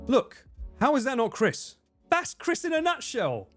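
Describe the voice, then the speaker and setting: Brief: male streamer in his thirties, animated up-and-down voice, crude joking banter, faint music underneath. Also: very high voice, slow pace, pauses often. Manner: joking, sweary banter with chat. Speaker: live streamer. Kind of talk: casual live-stream chat.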